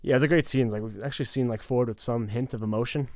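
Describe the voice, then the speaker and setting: A man co-hosting a casual podcast about a TV show, adding quick asides. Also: medium pitch, dry recording, studio quality. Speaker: podcast co-host. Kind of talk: casual TV discussion.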